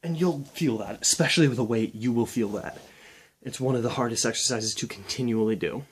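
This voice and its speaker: A young man explaining and demonstrating ab exercises in a casual, relaxed way while counting reps aloud. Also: medium pitch, a little fast. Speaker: fitness instructor.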